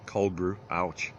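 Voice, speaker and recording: A man in his thirties hosting a casual livestream, reading out viewer comments with frequent chuckles and throat clearing. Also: low-pitched, muffled recording, a little hiss or hum. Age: 30s. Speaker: livestream host.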